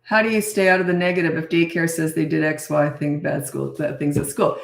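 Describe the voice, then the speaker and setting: A middle-aged woman parenting coach answering questions in a blunt, brisk, no-nonsense way. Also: sits low, level tone, gravelly. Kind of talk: casual Q&A advice. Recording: echoey room.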